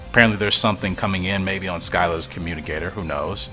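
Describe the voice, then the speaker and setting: A man's voice: deep voice, quick pace, bright, forceful tone, faint music behind. A man giving casual commentary while reading through a comic, musing and thinking aloud, at times confused.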